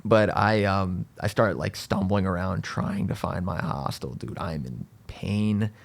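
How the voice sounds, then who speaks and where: A man's voice: low-pitched, measured pace, gravelly. A man, a comedian guest, telling a rambling, self-deprecating story in casual podcast chat, full of "like" and "dude".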